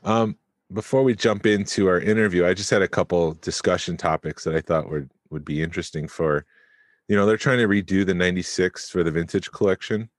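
Deep-voiced man chatting on a podcast. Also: fairly quick, no room sound, studio quality. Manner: chatty, thinks aloud with fillers. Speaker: podcast co-host. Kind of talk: casual podcast chat.

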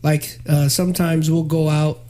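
A man's voice: fairly high pitch, level tone, normal speed, mellow. A man A podcast host with a slightly raised voice who jokes and laughs readily in casual chat. Faint background noise hangs behind him. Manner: jokey, laughs easily.

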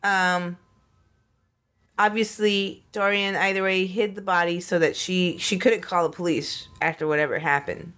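Woman cohost on a podcast, lowish voice, rambling, lots of ums and restarts. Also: fairly even intonation, unhurried, a bit bright. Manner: rambling, many fillers and restarts. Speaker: podcast co-host. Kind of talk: casual storytelling chat.

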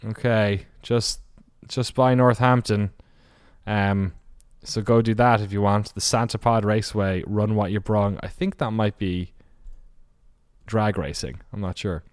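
A man's voice: lowish voice, steady tone, measured pace, clear, resonant tone, no room sound, clean studio sound. A man hosting a solo podcast. He rambles off the cuff, swears casually and keeps correcting himself. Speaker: podcast host.

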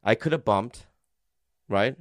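A man co-hosting a casual comedy podcast, talking in animated, defensive bursts with many restarts and some swearing. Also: lowish voice, takes it slowly, dry recording, studio quality. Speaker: podcast co-host. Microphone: studio mic.

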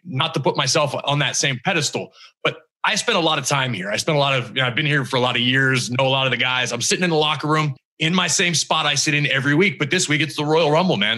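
A man's voice: medium pitch, sharp tone. A man hosting a casual talk show, earnest and rambling, often trailing off mid-sentence. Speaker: host. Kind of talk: casual chat.

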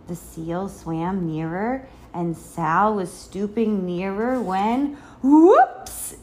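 A woman reading a children's picture book aloud in an expressive storytelling manner. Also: fairly low pitch, slow pace, a little hiss or hum. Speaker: reader.

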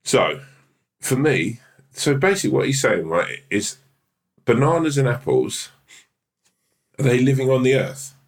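A man's voice: mid-range voice, a little slow, pauses often. A man co-hosting a casual comedy podcast, swearing freely and acting out scenes as he tells them. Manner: animated, sweary, acts out scenes. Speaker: podcast co-host. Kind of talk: casual comic chat.

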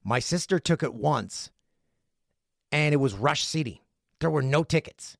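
A man's voice: fairly high pitch, unhurried, creaky, dry recording. A middle-aged man hosting a podcast from his home studio, reading listener messages aloud in a playful, joking way. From Canada. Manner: playful, jokey, lively delivery. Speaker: podcast host.

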